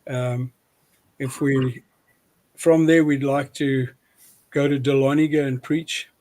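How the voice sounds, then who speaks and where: A man's voice: medium pitch, level tone, takes it slowly, a little mellow. A man with a South African accent, a preacher chatting casually as an interview guest, self-deprecating and often restarting his sentences.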